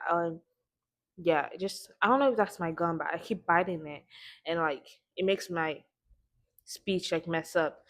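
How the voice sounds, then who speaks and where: A woman's voice: lowish voice, measured pace, a bit bright. A teenage girl hosting her own faith podcast, talking in an earnest, chatty way with a slight lisp and many repeats. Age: teens. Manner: chatty, earnest, often repeats herself and says like. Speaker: podcast host. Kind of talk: casual faith vlog talk.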